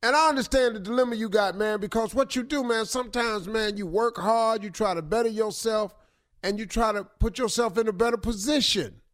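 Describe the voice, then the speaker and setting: High-voiced guy hosting a radio advice segment, jokey, acts out loud neighbors. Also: fairly quick. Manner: playful, acts out loud neighbors in shouted bits. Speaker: radio show host giving advice. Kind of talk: comedic advice talk.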